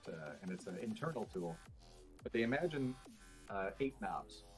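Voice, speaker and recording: A man's voice: fairly low pitch, lively intonation, moderate pace, soft background music. A man in casual podcast chat, explaining things at length with many fillers and restarts. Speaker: podcast guest.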